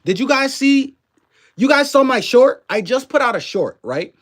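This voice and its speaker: A man with an extremely high, animated voice, moderate pace and slightly bright tone does casual live-stream commentary. He mixes a New Orleans and Canadian accent, chatting loosely, swearing and naming viewers as he greets them.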